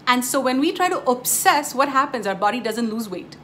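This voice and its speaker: A woman's voice: sits high, animated, fairly quick, a bit bright, slight background noise. A woman giving a casual spiritual teaching, telling stories emphatically and addressing her viewers directly. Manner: emphatic, storytelling, addresses viewers as "you guys".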